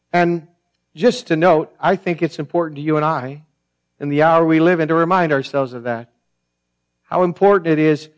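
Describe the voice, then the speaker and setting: Man, pastor preaching, earnest, repeats and restarts, loud peaks then hushed drops, slightly high voice. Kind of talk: sermon.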